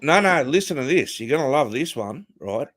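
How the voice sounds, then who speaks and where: A man tells a rowdy story over a call, swearing freely and chuckling at his own punchlines. His voice sits at an ordinary middle pitch. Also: expressive, moderate pace, fairly bright tone. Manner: crude, swears a lot, laughs while telling. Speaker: podcast host telling a story. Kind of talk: casual storytelling chat.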